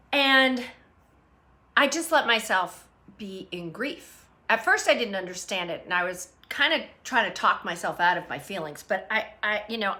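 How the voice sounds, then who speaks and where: A middle-aged woman hosts an unscripted livestream from her phone, rambling and greeting viewers by name as they join the live chat. Her voice is mid-range with a sharp tone.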